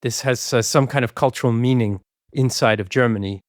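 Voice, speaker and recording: A man's voice: medium pitch, fairly quick, dry recording, clean studio sound. A man co-hosting a podcast, telling a casual personal story in a chatty way. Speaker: podcast co-host. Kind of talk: casual anecdote.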